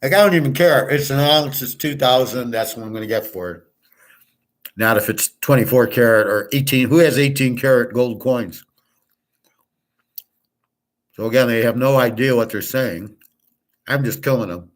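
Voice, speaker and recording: A man's voice: mid-range voice, moderate pace, long pauses. A man hosting his own show, telling stories in a blunt, boastful, profane casual monologue and acting out both sides of each exchange. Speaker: host of a sports picks show.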